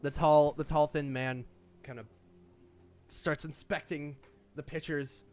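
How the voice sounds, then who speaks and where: A man's voice: a little high, steady tone, takes it slowly. A man narrating as game master of an online tabletop game, laughing often and voicing the characters. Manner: laughing, voices the characters with restarts.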